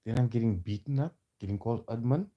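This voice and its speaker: A man's voice: medium pitch, fast, dull audio. A man delivering a heated, confrontational rant to camera, firing off challenging rhetorical questions. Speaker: vlogger.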